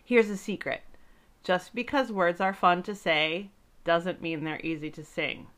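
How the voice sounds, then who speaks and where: A woman entertainer speaking gently and warmly to children, telling a friendly story and explaining words simply. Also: fairly low pitch, fairly even intonation, measured pace.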